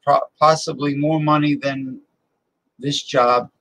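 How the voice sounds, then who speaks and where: 男性ホストのくだけた雑談。やや高めの声で、話があちこちに脱線しながら相手に助言していく。. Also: male voice, fairly high pitch, fairly even intonation, slow, bright, forceful tone, poor audio. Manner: rambling, advice-giving. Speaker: host. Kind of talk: casual chat.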